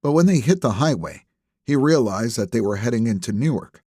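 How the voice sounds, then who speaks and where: A man reading a crime novel aloud as an audiobook narrator, in steady, measured storytelling. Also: medium pitch, dry recording, studio quality. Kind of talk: scripted narration.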